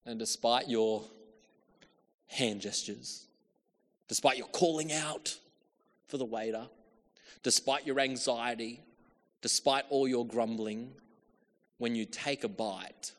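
A man delivers a storytelling sermon at an ordinary middle pitch. He acts out little quotes, moving from hushed asides to loud calls. A long hall reverb trails every phrase. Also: takes it slowly, pauses often. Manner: storytelling with acted-out quotes, shifts from hushed to calling out. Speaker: preacher.

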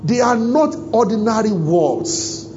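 A man's voice: high-pitched, animated, takes it slowly, darkish tone, lo-fi sound, slight background noise. A man from Africa, a pastor preaching a sermon at a church service, chuckling often and acting out bits of dialogue. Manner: humorous, chuckling often, acts out quoted dialogue.

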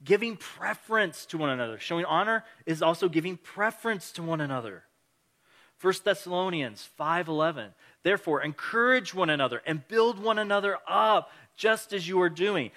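A man preaching in a relaxed, conversational way, reading verses and then speaking warmly and earnestly to encourage his listeners. His voice sits a little high for a man and has a bright, forceful edge. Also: moderate pace. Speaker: pastor. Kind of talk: conversational sermon.

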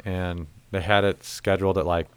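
A young man tells a profane, animated story as a podcast host in casual chat. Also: deep voice, moderate pace, clear, resonant tone, no echo.

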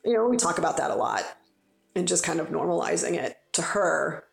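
A woman in her forties with a low, gravelly voice talks casually and rambles, piling up fillers as she goes. She works as a funeral director. Her voice rings with noticeable room echo. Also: expressive, brisk. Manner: chatty, rambling, lots of fillers. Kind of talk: casual podcast conversation. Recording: roomy echo.

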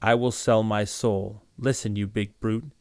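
A man reads as a calm young husband who will not back down. His words come out cold, firm and scornful, in a low voice. The sound is close and dry. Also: a little slow, no room sound. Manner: firm, iron-voiced, contemptuous.

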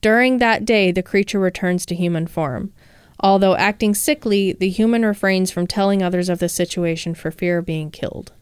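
Woman cohost joking around, reading out legends, super clear voice. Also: medium pitch, normal speed, no room sound, clean studio sound. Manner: playful, reads legends aloud, jokes. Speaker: podcast co-host. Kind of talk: casual chat about folklore.

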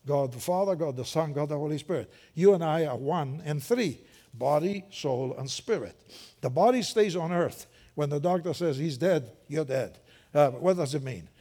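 An older man preaching a sermon in a lively, conversational way with joking asides. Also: on the high side, moderate pace.

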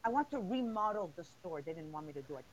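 A woman's voice: fairly low pitch, animated, fast, muffled recording. A woman hosting a casual podcast, answering questions bluntly with lots of energy and laughter. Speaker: podcast host.

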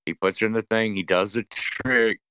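Speaking at a moderate pace in a lowish, clear, resonant voice, this man chats casually about a film, animatedly retelling scenes in a rambling, profane way full of fillers. The audio has a lo-fi quality.

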